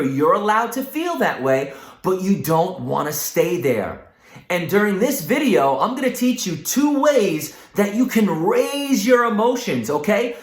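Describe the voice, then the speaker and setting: A man teaching a class for children in a lively, encouraging way, often asking the listener questions and having them repeat phrases. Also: high voice, roomy sound.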